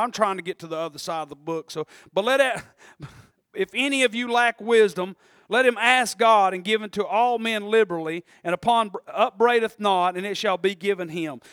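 High-voiced preacher, loud and lively. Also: male voice, clean tone, no room sound, studio quality. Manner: animated, swinging from loud shouts to low murmurs. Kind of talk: sermon.

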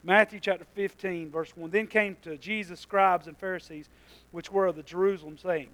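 High-voiced bright preacher. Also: male voice, steady tone, moderate pace, low-quality recording. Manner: swings from quiet asides to loud preaching; laughs at his own jokes. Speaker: pastor. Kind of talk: sermon.

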